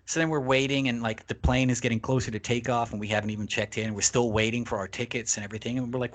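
A man telling a long travel story as a podcast guest, casual and animated, swearing freely and acting out the people he quotes. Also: medium pitch, fast, hardly any pauses.

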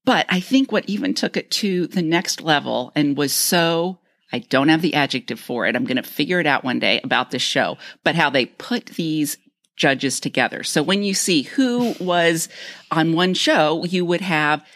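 A woman's voice: deep voice, expressive, moderate pace, fairly bright tone. A woman co-hosting a casual podcast chat, thoughtful and searching for the right words. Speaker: podcast co-host.

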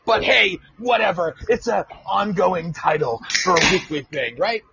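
High-voiced profane talk-radio host man. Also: expressive, a little slow, vocal fry, heavy background noise. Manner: rambling, profane, self-mocking. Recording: lo-fi with music behind.

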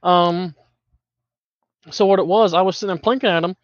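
Man, high voice, lively storyteller, dry and dull lo-fi voice chat, laughs easily. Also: normal speed, no echo. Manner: animated, laughs often, uses filler words. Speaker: podcast guest, longtime community member.

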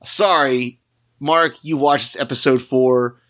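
A man's voice: medium pitch, steady tone, slow pace, a bit bright. A man co-hosting a podcast, chatting casually about a TV episode and restarting his sentences often. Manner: rambling, many restarts and fillers. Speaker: podcast co-host. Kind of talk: casual TV recap chat.

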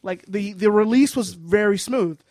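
A man's voice: sits high, normal speed, darkish tone, no room sound, studio quality. A young man appearing as a guest on a casual podcast, chatting eagerly and easily.

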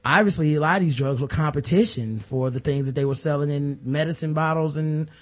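A man co-hosting a casual news discussion podcast, talking in an animated way and acting out the voices of people he quotes. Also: on the high side, a little fast. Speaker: podcast co-host.

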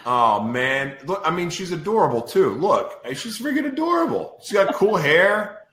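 A man's voice: on the high side, animated, unhurried, a bit bright, reverberant. A man hosting a podcast in a casual live-stream chat, exasperated and ranting over technical trouble. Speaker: podcast host.

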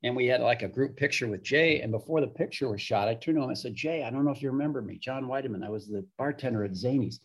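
Husky and medium-pitched, a middle-aged hockey broadcaster speaks fast with few pauses during a podcast interview. His anecdotes are chatty, and he acts out the quoted voices as he goes.

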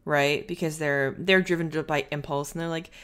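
Low-voiced woman in a wry book chat. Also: steady tone, moderate pace, a bit bright, smooth. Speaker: podcast co-host. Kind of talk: casual book discussion.

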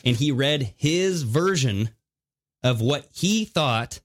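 A man co-hosting a casual political podcast, talking in an animated, mocking way and laughing often. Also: medium pitch, slow, a little hiss or hum. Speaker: podcast co-host.

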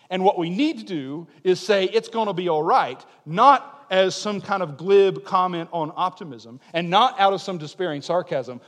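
A young man preaching a sermon, swinging between loud, urgent declarations and quiet, conversational asides. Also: sits high, expressive, moderate pace, few pauses. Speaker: pastor. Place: church sanctuary. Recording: long hall reverb.

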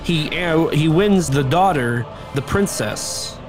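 Taking it slowly, a young man with a somewhat high voice recounts a film's plot on a podcast he co-hosts. The casual, comic chat is full of animated storytelling, laughter, and squawking bird impressions over background music.

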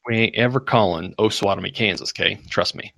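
A man hosting a prank-call show, talking fast and teasing, with profanity. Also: fairly low pitch, creaky, background noise. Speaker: host. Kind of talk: casual chat.

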